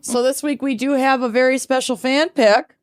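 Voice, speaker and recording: A woman's voice: high-pitched, steady tone, moderate pace, no room sound, clean studio sound. A woman co-hosting a podcast in upbeat casual chat, often repeating phrases for emphasis. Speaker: podcast co-host.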